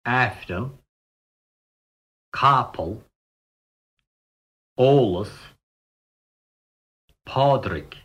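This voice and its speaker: A man reading single example words slowly and deliberately for a pronunciation lesson. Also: mid-range voice, a bit bright, husky. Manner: slow, deliberate word-by-word reading. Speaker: pronunciation model speaker.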